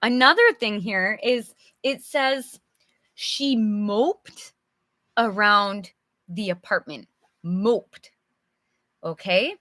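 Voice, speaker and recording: A woman's voice: medium pitch, extremely slow, long pauses, fairly bright tone, dry recording. A woman teaching English from a storybook, chatty and encouraging, answering viewers by name and acting out examples with sighs and groans; her voice is a little worn. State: slightly losing her voice. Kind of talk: live English storybook lesson.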